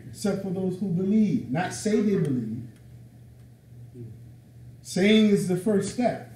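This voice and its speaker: Male lecturer, high-pitched, emphatic and conversational, slangy delivery; echoey room, mic at a distance. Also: lively intonation, slow pace, long pauses, mellow. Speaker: religious teacher.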